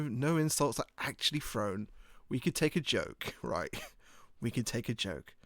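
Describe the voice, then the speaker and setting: A man rambles through a casual podcast monologue, cracking jokes, swearing freely and laughing at himself. His pitch swings widely and lively from line to line. The sound is dry and close, with no room echo. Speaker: podcast host.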